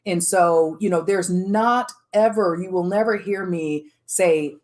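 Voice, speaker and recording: Middle-aged woman, low register, workshop presenter; frank, emphatic, lots of fillers. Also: a little slow, hardly any pauses, darkish tone. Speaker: workshop speaker on the chief of staff role. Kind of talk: live workshop talk.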